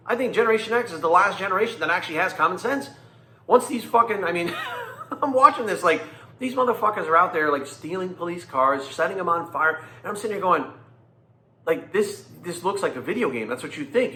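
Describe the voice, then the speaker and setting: A man in his forties rants bluntly and angrily, swearing constantly and hammering his points home by repeating them. His voice sits high and sounds sharp and forceful. The sound carries a roomy echo. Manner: blunt, angry and profane, repeating himself for emphasis. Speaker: fitness coach and vlogger. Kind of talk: profane ranting monologue.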